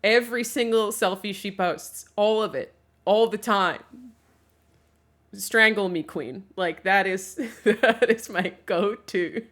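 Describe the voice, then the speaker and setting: A woman's voice: medium pitch, measured pace, a bit bright. A young woman talking casually to her livestream chat, often laughing and swearing freely, at a home setup with a desk mic. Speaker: streamer.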